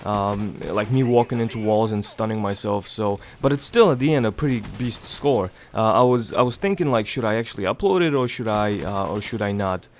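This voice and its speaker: A young man with a stuffy nose from a cold, giving rambling, casual gameplay commentary in a hushed low voice so he won't wake anyone at home. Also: fairly quick, hardly any pauses, slight background noise. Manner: hushed low voice to avoid waking others; rambling, many fillers, swears casually. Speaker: gaming channel host. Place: home, early morning.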